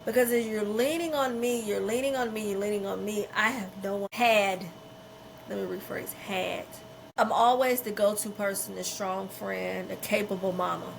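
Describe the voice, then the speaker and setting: A woman's voice: mid-range voice, fairly even intonation, normal speed, creaky, a little hiss or hum, poor audio. A middle-aged woman hosting a podcast, talking in a candid, emphatic and unfiltered way, often repeating herself for weight. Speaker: podcast host.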